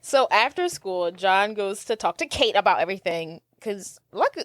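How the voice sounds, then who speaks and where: A woman's voice: mid-range voice, animated, moderate pace, a bit bright, no room sound, studio quality. A woman co-hosting a casual podcast, summarizing a movie plot and quoting the characters as she goes. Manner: chatty, quotes characters while summarizing. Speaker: podcast co-host. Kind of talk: casual movie recap chat.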